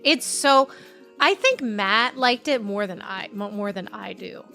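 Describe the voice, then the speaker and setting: A woman's voice: mid-range voice, unhurried, creaky, bright, forceful tone, faint music behind. A woman co-hosting a casual podcast who gushes about a film and acts out its scenes in quoted voices. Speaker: podcast co-host. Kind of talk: casual chat.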